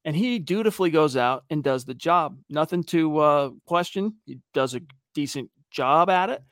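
Male podcast host, slightly high voice, lively storyteller, dry close sound. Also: normal speed, dry recording. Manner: animated storyteller, acts out quotes. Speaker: podcast host reading viewer questions. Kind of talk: casual sports podcast talk.

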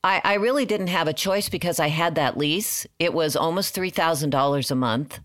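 Woman in her sixties, low voice, smooth and resonant, candid storyteller, dry close sound. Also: moderate pace, dry recording. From California. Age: 60s. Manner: candid, storytelling, laughs often. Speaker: guest, portrait photographer. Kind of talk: casual interview chat.

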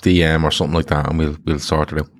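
A man's voice: very deep voice, level tone, racing. A man hosting a football quiz podcast, chatting casually and swearing freely. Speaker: quiz host.

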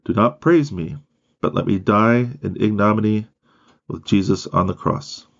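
A humble, devout nun near death speaks her prayers slowly and softly, as a deep-voiced male reader gives her lines. The voice is low and gravelly, and the recording sounds dull and lo-fi. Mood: prayerful. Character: dying devout nun, woman, humble and pious.

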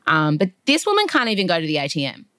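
A woman's voice: on the low side, wildly swooping pitch, fast, pushed and bright, no room sound, studio quality. A woman co-hosting a podcast, chatting and gossiping about celebrities with frequent laughs. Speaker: podcast co-host. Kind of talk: casual chat.

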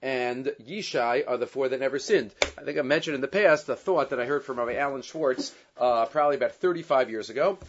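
A man teaching a Torah lesson, reading Hebrew and Aramaic texts and translating them, with many fillers and lively stretches when he retells a story. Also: medium pitch, brisk, few pauses, background noise. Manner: grows loud and animated when retelling the story. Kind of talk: Torah class lecture. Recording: dull lo-fi sound.

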